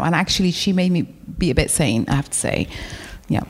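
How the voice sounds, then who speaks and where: A middle-aged woman talks on a live stage in front of an audience, open and animated as she tells her story. Her voice sits fairly low, and she swears freely and with no fuss. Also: brisk. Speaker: guest.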